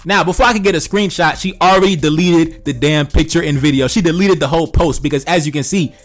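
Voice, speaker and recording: A man's voice: on the high side, quick pace, soft background music. A young man doing casual commentary on social media posts, blunt and heated, swearing often and calling listeners "man" and "brother". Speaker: commentary channel host.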